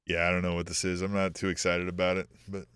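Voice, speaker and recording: A man's voice: sits low, monotone, quick pace, fairly bright tone, clean tone, no echo. A man co-hosting a wrestling podcast, chatting in a laid-back, hesitant way. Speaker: podcast co-host. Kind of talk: casual wrestling chat.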